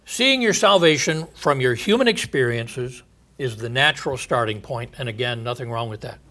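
Bright-voiced earnest preacher man. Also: mid-range voice, expressive. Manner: earnest, teaching, rhetorical questions, emphatic pauses. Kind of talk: sermon.

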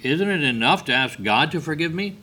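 A man's voice: fairly high pitch, lively intonation, a little fast, bright, forceful tone, voice pushed up. A man voicing an anxious, honest six-year-old girl in a sermon story, speaking earnestly. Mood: worried, confessing.

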